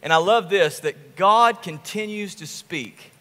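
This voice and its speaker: A male pastor preaching a sermon, telling the story with animated, emphatic repetition. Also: sits high, unhurried, big-room sound. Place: church sanctuary.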